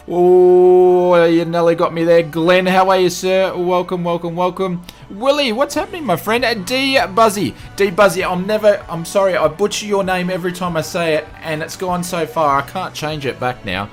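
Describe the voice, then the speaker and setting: An Australian man hosting a casual livestream, upbeat and greeting chat viewers one by one with repeated welcomes. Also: sits high. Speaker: livestream host.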